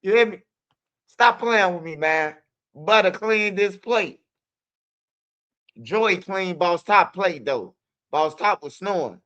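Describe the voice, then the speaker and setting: A man hosting a news commentary stream, telling street stories in a loose, animated way. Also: sits high, slow, long pauses. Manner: animated, acts out fight sounds and quotes. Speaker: commentary channel host. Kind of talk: casual storytelling commentary. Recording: dull lo-fi audio.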